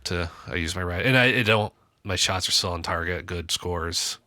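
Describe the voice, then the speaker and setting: A man's voice: sits low, normal speed, bright, forceful tone, no echo, studio quality. A man co-hosting a casual podcast, talking in a loose, rambling way with restarts and jokey asides. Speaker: podcast co-host. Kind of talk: casual chat.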